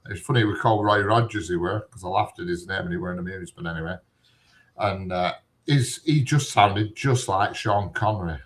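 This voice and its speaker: A man's voice: low-pitched, normal speed. A middle-aged man, chatting casually and rambling from one point to the next with plenty of fillers. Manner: rambling, digressive, lots of fillers. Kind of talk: casual chat.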